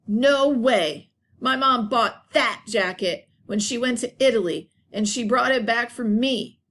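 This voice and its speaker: A woman's voice: on the high side, unhurried, fairly bright tone. A woman voicing an insistent sixth-grade boy in a read-aloud story.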